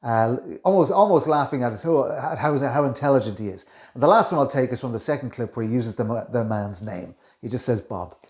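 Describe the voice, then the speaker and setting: A man, a communication coach, giving casual reaction commentary with quick asides. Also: mid-range voice, expressive, a little mellow. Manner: chatty, with quick asides and self-corrections. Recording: echoey room.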